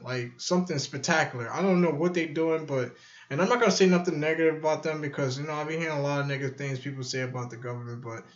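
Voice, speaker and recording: A man vlogging in casual chat to the camera, rambling and musing and going back over the same points. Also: a little high. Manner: rambling, musing, repeats himself. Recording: echoey room, dull lo-fi sound.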